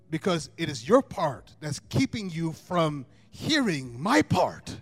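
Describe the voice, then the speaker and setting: High-voiced preacher with a lively delivery. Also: male voice. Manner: emphatic, swings from soft asides to loud drawn-out proclamations. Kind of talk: sermon. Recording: long hall reverb with faint music.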